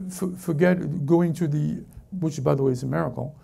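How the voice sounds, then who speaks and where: Gravelly dark-voiced male pastor preaching. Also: on the high side. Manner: halting, self-correcting preaching with many restarts. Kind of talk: sermon. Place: church service before a congregation.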